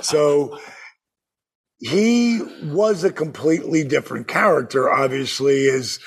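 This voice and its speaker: An older man hosts a casual podcast chat in a high, gravelly voice. His tone is raspy and rough. He is laid-back, swears casually, and gets loud when he quotes people. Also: animated, slow. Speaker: podcast host.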